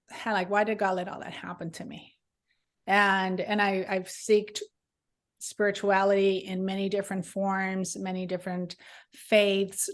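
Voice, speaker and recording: Speaking at a medium pitch, a middle-aged Southern Californian woman appears as an author guest and recounts her journey of faith. She is sincere but wandering, frequently starting her thoughts over.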